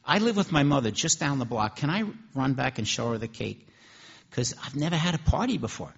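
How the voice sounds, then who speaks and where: A man voicing a shy, hesitant woman nearing forty, speaking softly in a raised voice. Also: mid-range voice, lively intonation, fairly quick, gravelly, husky, lo-fi sound. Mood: tearful. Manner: hesitant and soft. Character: shy tearful woman turning thirty-nine.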